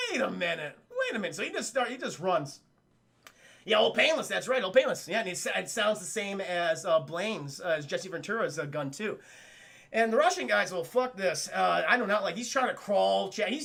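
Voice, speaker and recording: A high, bright-voiced man tearing through a film recap for his live chat. He is excitable and profane, laughs often, and slips into the characters' lines. A gravelly fry runs under his speech. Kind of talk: animated spoiler recap with quoted character voices.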